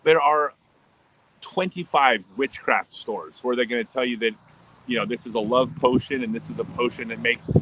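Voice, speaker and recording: A man hosting a casual livestream, telling a driving story and answering chat questions with laughter and quick asides. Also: mid-range voice, noisy background. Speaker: livestream host. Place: home in Australia, livestream.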